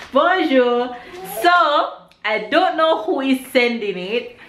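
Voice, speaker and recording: A woman's voice: high voice, slow pace. Chatty woman vlogging in an echoey room. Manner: chatty, rambling, excitable. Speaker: vlogger, mother. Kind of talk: casual vlog storytelling. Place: at home, indoors. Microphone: handheld camera. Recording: echoey room, faint background noise.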